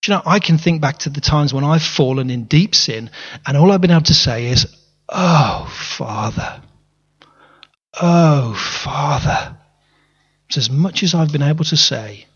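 Earnestly preaching in a church hall, a male pastor keeps restarting his words and asks the congregation questions. He speaks quickly in a fairly high, fairly bright voice with lively intonation and a breathy edge, and the recording is reverberant with dull lo-fi sound.

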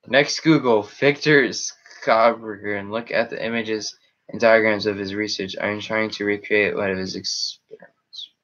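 A man drawls through a casual live stream, wandering from one chat comment to the next. His relaxed, unhurried talk sits in a muffled, lo-fi recording picked up at a webcam setup. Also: lowish voice. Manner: rambling, reacting to chat comments.

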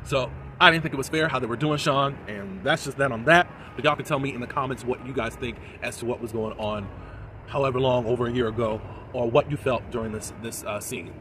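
A man casually reviewing a reality show episode, animated and quick to mimic the cast in exaggerated voices. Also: medium pitch, slight background noise. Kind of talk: casual reaction commentary.

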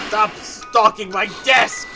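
A slow, swooping, sarcastic anime schoolgirl, voiced by a man, snaps and grumbles while playing a horror game. Her pitch leaps all over, and loud game music plays under her. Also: heavily acted. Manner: sarcastic, bossy, laughing asides. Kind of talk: comedic voiced let's play.

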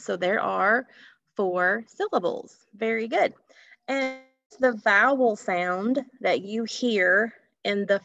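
A woman's voice: on the high side, vocal fry, sharp tone, no room sound. A woman teaching a phonics lesson to children, patiently stretching out sounds and asking questions. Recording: dull lo-fi recording.

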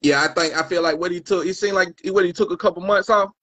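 A man's voice: sits high, fairly even intonation, quick pace, bright, forceful tone, no echo. A man co-hosting a casual chat reviewing rap battles, loose and slangy, cutting in on his partner. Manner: loose, slangy, talks over his co-host.

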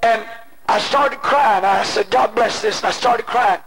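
A male preacher delivering an impassioned sermon, moving between shouted pleading and hushed personal storytelling. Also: high voice, a little slow. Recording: noisy old cassette tape.

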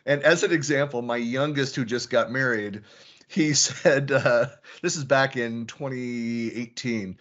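A man's voice: medium pitch, unhurried, a bit bright, highs cut off. A middle-aged man hosting a casual online panel, a chatty storyteller who laughs often. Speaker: host.

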